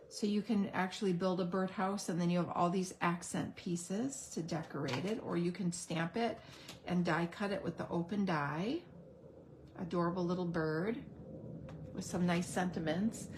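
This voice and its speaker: Woman, crafting host, leisurely pace, enthusiastic, faint background noise. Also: lowish voice. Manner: enthusiastic, gushing over products; thinks aloud, pauses to find words. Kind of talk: unboxing product demo.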